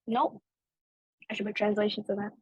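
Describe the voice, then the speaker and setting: A woman's voice: mid-range voice, level tone, normal speed, darkish tone, husky, dry recording, highs cut off. A young adult woman hosting a podcast, talking through a film in a casual, chatty way with lots of "like" and "you know". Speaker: podcast host.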